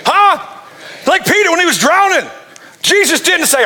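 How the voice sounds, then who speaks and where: A man's voice: extremely high pitch, big pitch swings, moderate pace, sharp tone. A man preaching a sermon, playful and joking, acting out prayers in the voice of the people praying them. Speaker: pastor.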